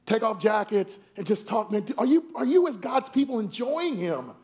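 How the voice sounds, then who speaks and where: Brief: male preacher with a high, light voice, animated, rhetorical, prone to stammering restarts. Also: moderate pace. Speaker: pastor. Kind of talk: sermon. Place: church sanctuary. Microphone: wears a microphone.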